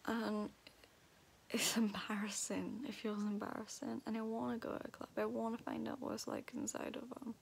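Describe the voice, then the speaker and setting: A woman's voice: a little high, flat delivery, moderate pace, gravelly, slight background noise. An eighteen-year-old woman venting in a casual vlog, swearing and ranting with frustration. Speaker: vlogger.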